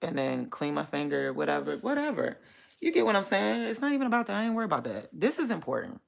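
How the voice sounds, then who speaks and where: A woman's voice: fairly low pitch, big pitch swings, fast, vocal fry. A woman vlogging from home, a small business owner venting in a blunt, profane, rambling way. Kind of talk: casual venting vlog.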